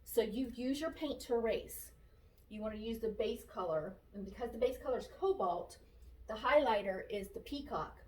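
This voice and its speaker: At normal speed and a little mellow, a woman from Florida speaks expressively in a rather high voice while showing how she paints furniture. In her shop she narrates every brush stroke and restates her steps; the room echoes and she sounds far from the mic.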